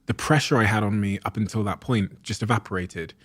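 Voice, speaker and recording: A man with a fairly low voice hosts a podcast conversation, recorded dry and close. He speaks thoughtfully, pausing and restarting now and then as he reflects. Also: no echo. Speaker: podcast host.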